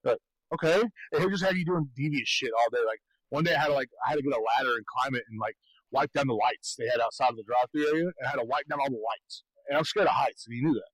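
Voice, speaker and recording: A man's voice: mid-range voice, fast talker, fairly bright tone, dry recording, rough recording. A man co-hosting a podcast, telling rambling stories in casual chat and laughing often. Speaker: podcast co-host.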